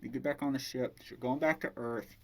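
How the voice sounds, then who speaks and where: A man's voice: medium pitch, steady tone, brisk, darkish tone. A man casually retelling a novel's plot as a book reviewer, rambling and swearing freely.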